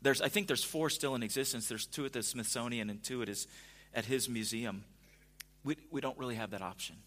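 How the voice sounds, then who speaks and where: A man preaching a sermon in a conversational way, dropping to a hush at times and rising to emphatic points. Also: medium pitch, a little fast. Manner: conversational, swings from hushed to emphatic. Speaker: pastor.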